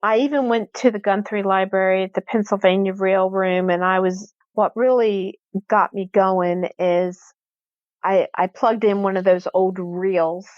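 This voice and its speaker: Animated woman telling a ghost story. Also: mid-range voice, measured pace, no echo, muffled recording. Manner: animated, acts out quoted dialogue. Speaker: guest recounting a haunting. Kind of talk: podcast interview storytelling.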